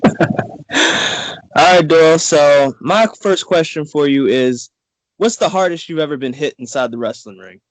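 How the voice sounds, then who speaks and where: A man with a slightly high voice asks his guest questions in a measured, deliberate way. The sound is dry and close. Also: no room sound, rough recording. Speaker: podcast host interviewer. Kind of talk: interview questions.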